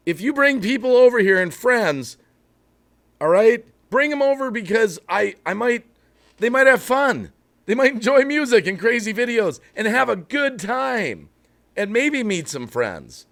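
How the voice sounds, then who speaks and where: A man's voice: high voice, big pitch swings, measured pace, fairly bright tone. A man hosting a live stream, ranting bluntly to his chat and breaking off to apologize for getting worked up. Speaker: livestream host.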